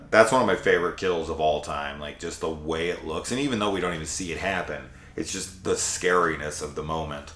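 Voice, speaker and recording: A man's voice: low voice, fairly bright tone. A man casually reviewing a horror sequel, rambling and sarcastic, swearing freely. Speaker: movie reviewer. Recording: echoey room.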